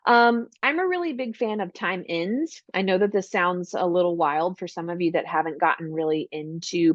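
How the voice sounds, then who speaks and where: A woman's voice: fairly low pitch, no room sound, lo-fi sound. Chatty woman presenting a parenting workshop. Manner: casual, chatty, many "like" and "right?" fillers; acts out warm parent lines in a brighter voice. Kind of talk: online parent workshop talk.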